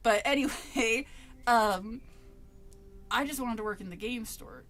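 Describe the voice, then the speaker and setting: Streamer lady rambling through an old story, kinda high voice, swears a lot, laughs a ton, a bit of music in the back. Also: unhurried, fairly bright tone. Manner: profane, laughs often while telling. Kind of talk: casual storytelling chat.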